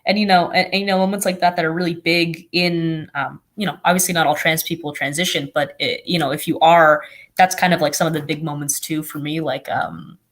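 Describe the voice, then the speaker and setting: A young guest talking about their own life on a video call, excited and chatty, with many "like"s and restarts. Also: mid-range voice, brisk. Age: teens or young adult. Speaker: youth guest blogger. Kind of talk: casual live-stream conversation.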